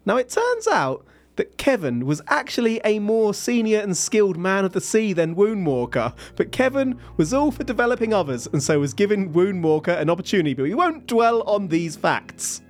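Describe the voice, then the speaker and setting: A man's voice: high-pitched, big pitch swings, normal speed. Wry man spinning a yarn. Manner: wry, playful narration with laughs. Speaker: podcast co-host telling a story. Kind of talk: casual storytelling with banter.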